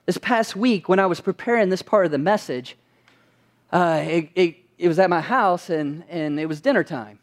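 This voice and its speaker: A man's voice: high voice, normal speed. A man preaching a sermon as pastor, asking his listeners rhetorical questions and answering them with emphasis.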